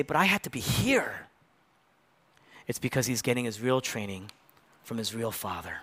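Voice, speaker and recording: A man preaching a sermon. He acts out voices from the story and drops from loud emphasis to hushed near-whispers. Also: on the high side. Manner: acts out quoted voices of Mary and Jesus. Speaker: pastor.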